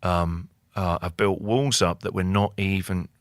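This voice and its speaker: A man's voice: deep voice, measured pace, no room sound, clean studio sound. A man in his forties, a guest talking openly and reflectively in an interview, acting out little voices as he tells stories. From England. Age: 40s. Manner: reflective, animated storyteller who acts out voices. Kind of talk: candid interview conversation.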